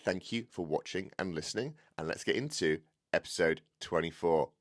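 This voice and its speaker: Male podcast host, very low voice, easygoing banter, frequent laughter. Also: moderate pace. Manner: laughs often, swears casually. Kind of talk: casual podcast chat.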